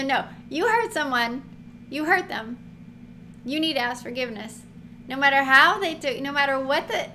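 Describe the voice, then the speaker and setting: High-voiced woman teaching Bible, chatty. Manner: chatty, animated, laughs often, acts out quotes. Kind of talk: casual Bible teaching to camera. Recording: noticeable background noise.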